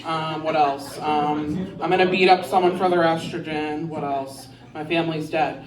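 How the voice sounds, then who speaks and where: Low-pitched and steady, a woman comic delivers her bar set at a moderate pace, full of crude rambling and self-mockery. She speaks into a handheld stage mic before a live crowd. The sound is roomy and distant, with laughter from the audience.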